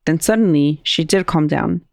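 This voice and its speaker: A woman's voice: low voice, moderate pace, gravelly, no echo, clean studio sound. A woman co-hosting a podcast, casually retelling a creepy radio call and translating its quotes. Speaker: podcast co-host. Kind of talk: casual storytelling chat.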